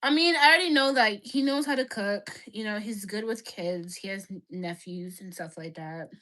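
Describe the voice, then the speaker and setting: A woman in her twenties chats on a casual livestream. She speaks frankly and bluntly in loose slang, with easy laughter, and her voice comes across bright and crisp. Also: mid-range voice, moderate pace. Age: 20s.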